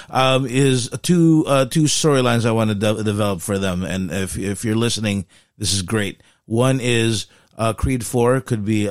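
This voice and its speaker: A man co-hosting a podcast in casual chat, halting and full of fillers, laughing often. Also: on the low side, no room sound, studio quality. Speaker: podcast co-host.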